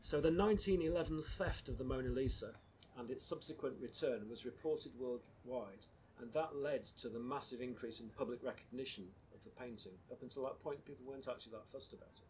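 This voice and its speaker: A man hosting a show, presenting facts in a dry, measured way. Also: mid-range voice, a little mellow, slight background noise. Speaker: host.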